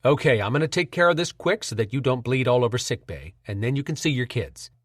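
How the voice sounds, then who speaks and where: A man voicing a calm Marine tending a wound, speaking in a nonchalant, practical way. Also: mid-range voice, quick pace, no room sound, clean studio sound, natural voice. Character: calm, matter-of-fact male Marine medic.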